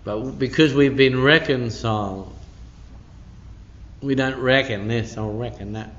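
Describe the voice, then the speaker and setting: Speaking unhurriedly in a somewhat bright mid-range voice, this man pastor gives a midweek teaching in a church hall. It's emphatic and conversational, peppered with "you know" and side comments, recorded with a dull church echo.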